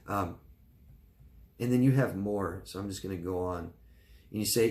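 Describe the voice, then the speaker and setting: A man with a fairly low voice answers viewers' questions as a life coach. He speaks informally and earnestly, checking in with the listener and often stopping to repeat or restart his words. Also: moderate pace. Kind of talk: live Q&A advice talk.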